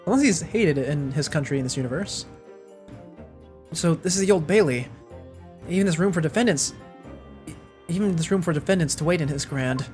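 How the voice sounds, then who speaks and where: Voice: mid-range voice, animated, fairly quick, long pauses, darkish tone, soft background music. Streamer, live game commentary, musing, chatty, self-deprecating.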